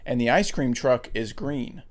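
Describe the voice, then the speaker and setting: A man co-hosting a podcast, chatting casually about a film in a thoughtful, hesitant way with frequent pauses. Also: mid-range voice, lively intonation. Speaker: podcast co-host.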